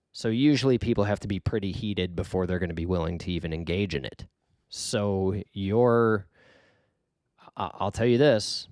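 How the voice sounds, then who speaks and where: Middle-aged male host, gravelly low voice, earnest rambling delivery, dry close mic. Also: a little mellow, dry recording. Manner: earnest, rambling, with many fillers and restarts. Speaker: podcast host giving life advice. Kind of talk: casual reflective monologue.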